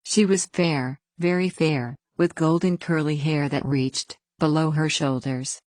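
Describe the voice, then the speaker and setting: Female story reader, very low voice, dry close sound, plain even first-person narration. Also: unhurried, dry recording.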